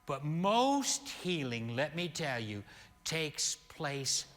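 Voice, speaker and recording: Slow, bright-voiced older male preacher. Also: on the high side. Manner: slow, animated storytelling with sudden loud peaks. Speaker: pastor. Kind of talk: sermon storytelling. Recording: long hall reverb.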